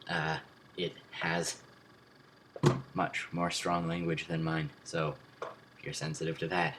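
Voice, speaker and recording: Deep-voiced young man telling a story. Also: slow pace, long pauses, noisy background. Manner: animated retelling, acting out quoted voices. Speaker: student vlogger. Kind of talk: casual storytelling.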